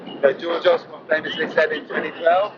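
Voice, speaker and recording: Activist man, earnest and rambling, slightly high voice, interviewed outdoors over loud street noise. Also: little pitch movement, fairly quick, muffled recording. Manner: earnest, rambling, heavy use of "you know". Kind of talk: street interview at a protest march.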